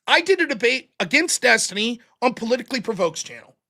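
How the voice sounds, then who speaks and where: A high-pitched man ranting on his livestream, his voice swinging up and down as he mocks people. He sounds bright and cutting. He swears freely. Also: fast, creaky. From United States. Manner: animated ranting, profane, mimics others mockingly. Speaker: host. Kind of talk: casual livestream debate chat.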